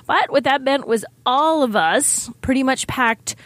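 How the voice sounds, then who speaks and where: A woman's voice: sits high, measured pace, a bit bright, dry recording. A middle-aged woman hosting her own podcast segment, telling a chatty, upbeat story about a convention. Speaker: segment host.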